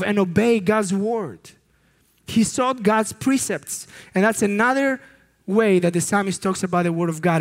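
Here a man with a voice that sits high gives a sermon as a youth ministry director. His delivery is earnest and forceful, broken now and then by slips and fresh starts.

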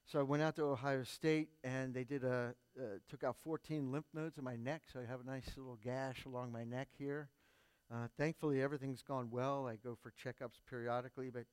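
A man's voice: medium pitch, dry recording. Middle-aged male pastor, earnest storyteller, acts out quotes, dry close sound. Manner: earnest storytelling, quoting others in lively voices. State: recovering from tongue surgery. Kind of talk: sermon testimony.

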